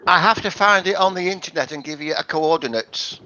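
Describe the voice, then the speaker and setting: A man's voice: on the high side, brisk, sharp tone, dull audio. A man calling into a livestream, talking hesitantly while he sorts out his setup. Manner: fumbling, hesitant. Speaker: caller joining the stream. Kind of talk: casual chat.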